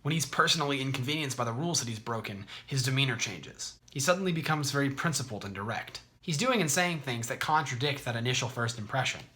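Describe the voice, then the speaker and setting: A man hosting an explanatory video, talking in a conversational, clear way. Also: mid-range voice, expressive, quick pace, few pauses, bright, forceful tone, a little hiss or hum. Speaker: host.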